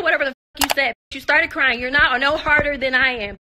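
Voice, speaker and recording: A woman's voice: high-pitched, steady tone, fast, noisy background. A woman on a live stream, ranting in a confrontational, profane, mocking way, her voice worn from talking all day. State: losing her voice. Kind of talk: heated live-stream rant.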